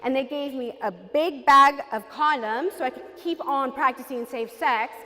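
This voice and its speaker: A woman with a high-pitched, bright, forceful voice tells her personal story at normal speed in an earnest, emotional testimony. She acts out the people she quotes, and her voice trails off into a long reverb tail.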